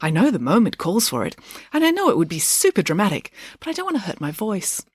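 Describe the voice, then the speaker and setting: A woman voicing an excitable, theatrical young girl in a storybook, chatty and dramatic. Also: medium pitch, quick pace, breathy edge, no echo, clean studio sound. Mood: excited.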